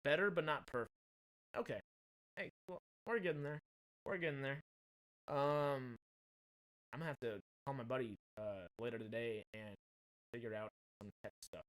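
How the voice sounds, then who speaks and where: A man's voice: mid-range voice, a bit bright. Rambling man streaming from home. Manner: rambling, self-correcting while fixing mic problems. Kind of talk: casual livestream chat. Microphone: desktop USB mic with pop filter.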